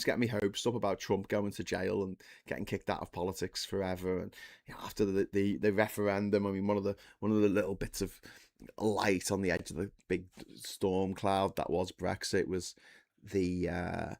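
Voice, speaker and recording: A man's voice: low voice, flat delivery, moderate pace, creaky, a little mellow, dry recording, clean studio sound. Sweary rambling man. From Liverpool, England. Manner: rambling, sweary, stammering restarts. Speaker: host. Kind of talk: casual live chat show.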